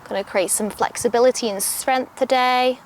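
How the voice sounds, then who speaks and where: A young adult woman teaching a yoga class outdoors, giving calm step-by-step cues. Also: fairly high pitch, moderate pace, slight background noise. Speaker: yoga instructor. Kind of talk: guided yoga class instruction. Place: outdoors, birds audible. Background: faint outdoor ambience with birdsong.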